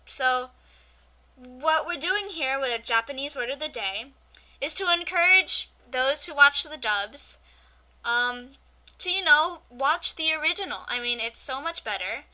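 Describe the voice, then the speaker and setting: A young woman co-hosting an amateur podcast, chatting casually and ranting with animated energy. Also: sits high. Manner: chatty, animated, quick to rant. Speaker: podcast co-host.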